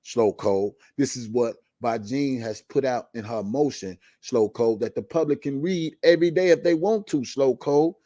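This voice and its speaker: A man's voice: mid-range voice, mellow, no room sound, studio quality. A male show host reads a court filing aloud and adds his own commentary in an emphatic way, returning again and again to a repeated catchphrase. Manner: emphatic, repeats a catchphrase refrain, drawn-out stresses. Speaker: host of a live online show.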